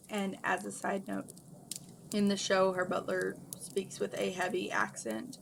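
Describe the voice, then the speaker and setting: A woman reads her fan story aloud at home, relaxed and unpolished, stopping to fix slips and add side comments. Her voice sits mid-pitch, and faint hiss runs underneath. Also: a little slow, vocal fry, poor audio. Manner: casual, self-correcting, aside comments. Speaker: fanfiction reader. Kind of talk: reading own story aloud.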